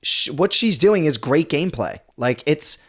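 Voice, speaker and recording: A man co-hosting a podcast in casual chat, agreeable and eager, often chiming in with quick agreement. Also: a little high, sing-song, a bit bright. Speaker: podcast host.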